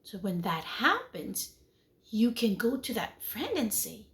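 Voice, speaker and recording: A woman teaching a lesson to young children online, with an animated, sing-song delivery that swings in pitch and loudness and asks the children many questions. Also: slow. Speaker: preschool teacher.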